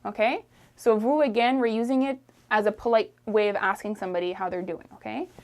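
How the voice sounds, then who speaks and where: A woman teaching a French lesson, repeating phrases slowly and encouraging the learner to try. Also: medium pitch, steady tone, a little mellow. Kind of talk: friendly language lesson.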